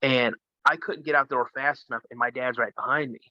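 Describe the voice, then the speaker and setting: A man from Minnesota, a guest telling a story in a casual, animated way. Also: medium pitch, a little fast, no room sound. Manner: animated, acts out the voices of others. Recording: dull lo-fi sound.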